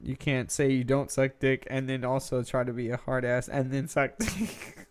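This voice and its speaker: A man co-hosting a podcast, making crude jokes in a deadpan way during casual chat. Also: mid-range voice, normal speed, clear, resonant tone. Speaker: podcast co-host.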